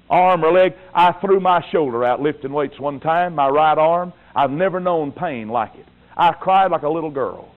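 A man preaching a sermon with passion, firing rhetorical questions and swinging between hushed tones and shouts. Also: fairly high pitch. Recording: tinny, phone-like lo-fi recording.

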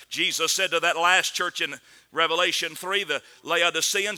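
A man preaching a sermon with earnest conviction, rising to loud emphatic passages and dropping to low, quiet stretches. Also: moderate pace, clear, resonant tone.

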